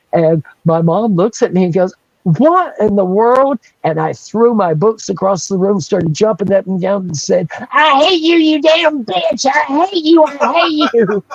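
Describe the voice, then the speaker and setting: Animated older man telling a story. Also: high-pitched, no room sound, lo-fi sound. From North Carolina, USA. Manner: animated, laughing often, frequent restarts. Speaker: guest telling a personal story. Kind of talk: casual storytelling.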